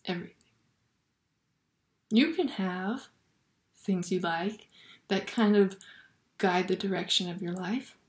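A woman speaks in a slow, thoughtful way, sharing a spiritual reflection at an unhurried pace. Now and then her voice softens into a near-whisper. The recording carries a noticeable roomy echo. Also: mid-range voice. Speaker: Catholic video blogger.

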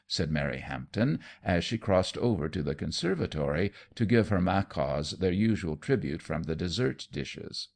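Deep, gravelly male storyteller. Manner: measured, expressive reading that voices every character. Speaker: audiobook narrator. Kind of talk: scripted storytelling narration.

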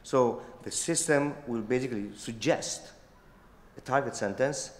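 A man whose first language is Italian, answering judges' questions on stage in a hotel hall, talking haltingly with restarts. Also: mid-range voice. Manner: halting, restarts phrases, many yeahs. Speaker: pitching innovator. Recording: echoey hotel hall with long reverb.

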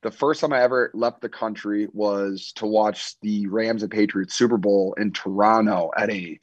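A man's voice: fairly even intonation, normal speed, no room sound. A young man in his twenties, casually chatting as a podcast host in a laid-back, rambling way with plenty of ums. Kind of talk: casual chat. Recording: muffled low-fidelity audio.

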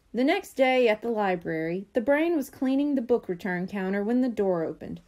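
A woman working as a librarian, reading a children's chapter book aloud with clear, expressive storytelling. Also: a little high, moderate pace, hardly any pauses.

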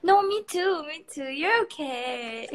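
A woman's voice: sits high, animated, slow pace. A young woman hosting a live stream from her phone, chatting with fans in an emotional, giggly and teary way. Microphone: phone, video call.

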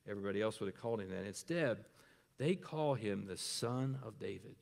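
A man's voice: on the low side, animated, a little fast, vocal fry, darkish tone, long reverb tail. A man preaching a sermon as pastor, often asking the congregation questions and pressing his points home.

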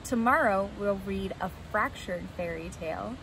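A woman teacher reading a fairy tale aloud to children with expressive, animated storytelling. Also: medium pitch, moderate pace. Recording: noisy, with vehicle sounds.

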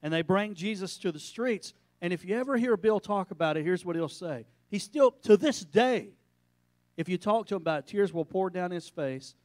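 A male pastor preaching a sermon, telling a story with emphatic bursts and quiet, hushed passages. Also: high-pitched, fairly quick, few pauses, dry recording. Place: church sanctuary.

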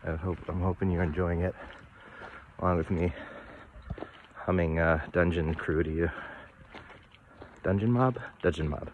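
A man's voice: deep voice, fairly even intonation, unhurried, long pauses, narrow, tinny audio, slight background noise. A man vlogging a winter fishing trip by a lake, joking and rambling to himself as he casts. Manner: jokey, rambling, mutters to himself. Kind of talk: casual outdoor vlog narration. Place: outdoors by a pond and lake in winter.

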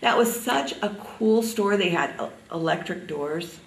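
A woman's voice: mid-range voice, animated, gravelly, far from the mic. Older woman reminiscing in an echoey room. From Indiana, US. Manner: reminiscing, halting with many ums. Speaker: interviewee. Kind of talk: oral history interview.

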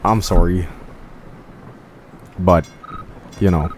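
A man streaming a video game with casual commentary, profane and excitable, often cracking up laughing. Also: low-pitched, drawn-out words, slight background noise.

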